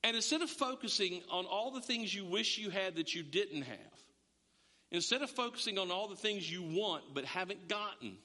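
A middle-aged man preaching a sermon as a pastor, animated, acting out voices and often restarting his words. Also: high voice. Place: church sanctuary. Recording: long reverb of a church hall.

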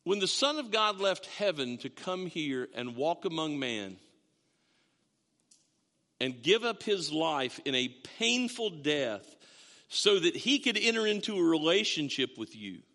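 A man's voice: on the high side, big pitch swings, measured pace, sharp tone. A man in his fifties, a pastor preaching a sermon in a storytelling way, with self-mocking asides. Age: 50s. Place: church sanctuary. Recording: long reverb of a hall.

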